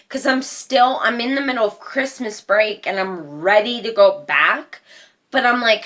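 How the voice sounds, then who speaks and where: Slow-talking woman retelling her story. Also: fairly high pitch, fairly bright tone. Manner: slow, halting retelling with many fillers. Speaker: personal storyteller. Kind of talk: personal life story, casual.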